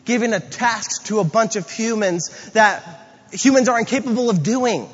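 A man with a fairly high voice preaches a sermon, slipping into animated acted-out asides as he tells his stories. He is recorded in a big reverberant hall, and the sound is dull and muffled. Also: moderate pace, slightly rough. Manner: storytelling with animated quoted asides. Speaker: pastor.

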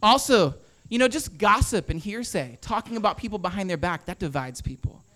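A man's voice: sits high, animated, brisk, fairly bright tone, no room sound. A man preaching a conversational sermon, full of rhetorical questions and acted-out quotes. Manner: acts out quoted inner voices. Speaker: pastor.

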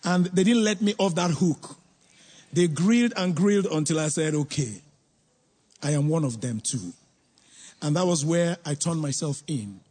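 With a fairly high, darkish, breathy voice at a normal pace, a middle-aged man offers his personal testimony in church. Earnest and reflective, he repeats words to emphasize them.

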